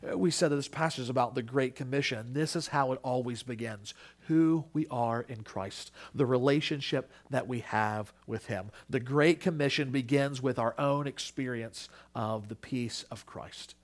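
An earnest male pastor preaches at a moderate pace with a medium-pitched voice. He drops to a hush, then rises to emphatic peaks, acting out the voices he quotes.

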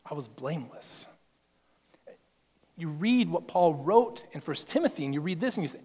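A man's voice: a little high, big pitch swings, moderate pace, pauses often, dark tone, slightly rough. A man preaching a sermon, reading scripture aloud and explaining it, sometimes speaking in Paul's voice. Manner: expository preaching, quoting scripture and acting out Paul's voice. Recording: long reverb in a large hall.

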